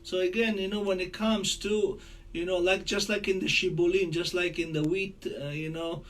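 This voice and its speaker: A man teaches a Torah lesson in a fairly high voice, talking in a loose, conversational way. He rattles off verses quickly before explaining them in English. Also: steady tone, a bit bright. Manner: conversational teaching, mixing Hebrew quotes into English. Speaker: rabbi teaching a class.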